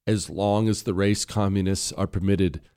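A man's voice: deep voice, steady tone, normal speed, warm tone, clear, resonant tone. A man giving political opinion commentary in a sarcastic, scornful way, hammering points through repetition.

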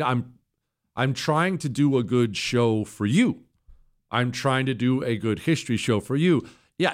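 A man hosting a talk show, giving an emphatic, opinionated monologue in answer to listener questions, with frequent restarts. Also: mid-range voice.

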